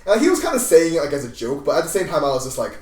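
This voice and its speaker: A young man on a podcast casually telling a rambling story from his school days with an animated, joking manner. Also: fairly high pitch, very fast. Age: young adult. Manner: rambling, animated retelling with laughs. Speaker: podcast host. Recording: echoey room, mic at a distance.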